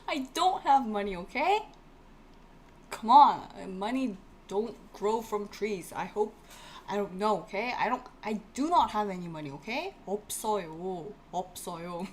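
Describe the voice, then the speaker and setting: A woman leads a live-streamed Korean lesson, chatting animatedly with viewers and drilling words again and again. Her voice is mid-range, expressive, and darkish at a moderate pace, with faint hiss underneath.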